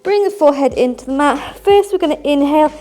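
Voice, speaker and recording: A woman's voice: high voice, expressive, fast, dark tone. A young woman teaching a power yoga class, upbeat as she talks students through poses and counts breaths aloud while she moves. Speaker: yoga instructor. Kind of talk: guided yoga class instruction.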